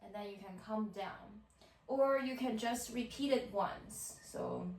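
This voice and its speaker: Slow, patient woman teaching violin. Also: mid-range voice, loud music behind the voice. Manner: counts beats aloud, patient and instructive. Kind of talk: teaching tutorial. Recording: roomy sound from a distance.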